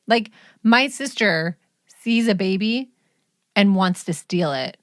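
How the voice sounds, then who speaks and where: A woman's voice: medium pitch, expressive, slow pace, fairly bright tone, no room sound, studio quality. A middle-aged woman and mother, co-hosting a casual podcast chat, blunt and joking as she acts out scenes from her stories.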